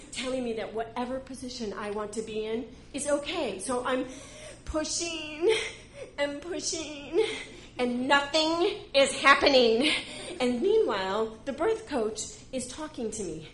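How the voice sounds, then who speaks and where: A woman spins a funny personal story for a live audience, animated and exaggerating each beat. Her voice is high and bright, with a soft hiss of noise behind it. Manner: animated and exaggerating, comic emphasis.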